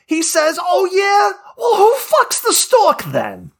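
A man doing an impression of a shrill, shouting comedian telling crude jokes on a podcast. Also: huge pitch swings, takes it slowly, exaggerated voice. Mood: screeching.

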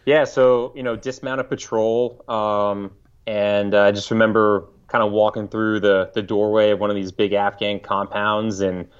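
A man in his thirties with a low voice tells his story as an interview guest. He speaks in a halting, reflective way, restarting sentences as he searches for words. The audio is slightly dull and lo-fi. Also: level tone, clean tone. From United States. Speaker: podcast guest.

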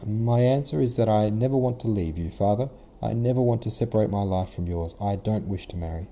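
A man voicing a gentle young princess who speaks earnestly and firmly. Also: fairly low pitch, moderate pace, breathy edge. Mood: resolute. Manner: soft, earnest, resolute.

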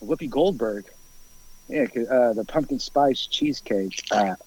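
A man telling a long story in casual chat, rambling with many fillers and lively quoted voices. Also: medium pitch, a little slow, husky, poor audio.

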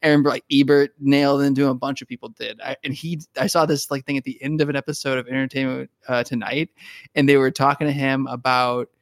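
A man's voice: mid-range voice, level tone, fairly quick, no echo. A man chatting casually as a podcast co-host, rambling with frequent restarts and laughter. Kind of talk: casual chat.

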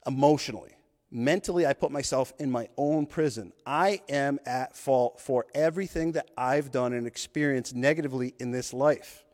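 A man's voice: medium pitch, darkish tone. A man in his thirties hosting a podcast, delivering an intense, profane motivational monologue. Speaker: podcast host. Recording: long hall reverb.

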